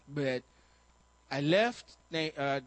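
A man telling a testimony in a sermon, animated and often laughing and shouting. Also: fairly high pitch, drawn-out words, dry recording. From Nigeria. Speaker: preacher.

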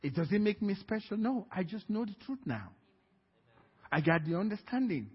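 High-voiced preacher in a reverberant hall. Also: male voice, sing-song, normal speed, husky. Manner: storytelling, swings from quiet to loud. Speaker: guest preacher. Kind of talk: sermon. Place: church sanctuary. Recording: dull, reverberant church hall.

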